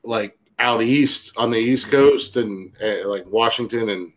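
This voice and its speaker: A man with an Ohio accent, hosting a crude casual podcast chat, loud and laughing often. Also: medium pitch, unhurried, poor audio. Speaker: podcast host.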